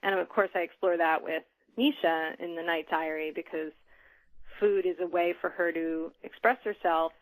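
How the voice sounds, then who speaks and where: A woman's voice: lowish voice, fairly even intonation, moderate pace, rough recording. A middle-aged woman author being interviewed, speaking thoughtfully with frequent ums and restarts. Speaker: author guest. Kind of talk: conversational interview.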